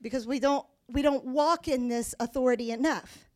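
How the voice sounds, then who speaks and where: A high-pitched woman delivers a sermon. She speaks emphatically, pressing her key points with forceful declarations, and drops to a quicker, softer voice when reading scripture aloud. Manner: reads scripture aloud in a quieter, faster voice. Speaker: preacher.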